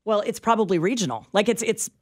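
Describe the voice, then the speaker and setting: A woman's voice: mid-range voice, expressive, quick pace. A woman from the American Midwest with a Midwestern accent, co-hosting a radio talk show and teasing the others. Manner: playful, teasing. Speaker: radio co-host.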